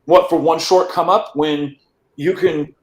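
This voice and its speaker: A man's voice, on the high side and darkish, comes through steady and unhurried with a roomy sound. As an interview guest on a podcast, he narrates his life in a casual, rambling manner, often restarting words and checking in with "right?".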